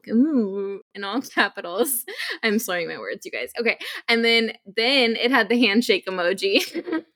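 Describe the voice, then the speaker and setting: A woman co-hosting a podcast, giggly and animated, reading listener reviews and running the show segments. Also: mid-range voice. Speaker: podcast co-host. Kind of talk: casual podcast chat.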